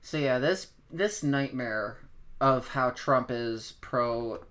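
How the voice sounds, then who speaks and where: A woman's voice: rumbling low, slow. A woman streamer talking casually, muttering, swearing and thinking aloud as she searches. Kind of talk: casual live-stream commentary.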